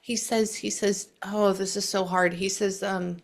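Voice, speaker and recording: In a spirit reading session, a woman psychic medium speaks to her client with a medium-pitched voice and flat delivery. Earnest and reassuring, she passes along messages, often pausing haltingly and stepping into asides.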